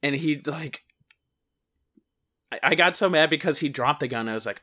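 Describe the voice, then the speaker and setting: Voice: medium pitch, moderate pace, long pauses, pushed and bright. A podcast co-host casually recapping a movie, with lots of "like" and casual swearing. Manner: casual swearing, filler-heavy retelling. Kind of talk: casual movie discussion chat.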